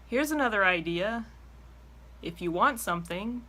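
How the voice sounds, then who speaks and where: A woman's voice: medium pitch, animated, normal speed, bright, forceful tone. A woman talking bluntly and with exasperation to camera in a casual vlog. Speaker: vlogger.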